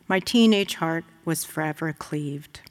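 A woman from the United States reads her own prose aloud to a lecture audience. Her voice sits a little low, and her delivery is measured and reflective. The sound carries the long reverb of a large lecture hall. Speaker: author reading her work. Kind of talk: reading aloud at a public lecture.

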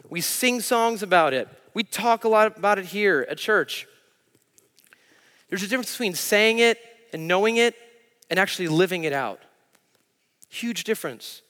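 A man's voice: high voice, expressive, moderate pace, long pauses, a bit bright. A man preaching a sermon as pastor, telling a self-deprecating story from his own life. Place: church. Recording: church hall reverb.

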